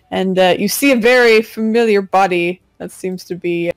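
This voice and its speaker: A woman running a tabletop pirate game, narrating casually with halting pauses. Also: medium pitch, dry recording. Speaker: game master.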